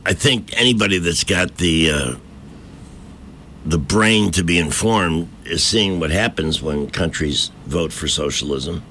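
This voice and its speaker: A man's voice: deep voice, unhurried, sharp tone, slight background noise. A man hosting a talk radio show, delivering combative, mocking opinion commentary from a studio microphone.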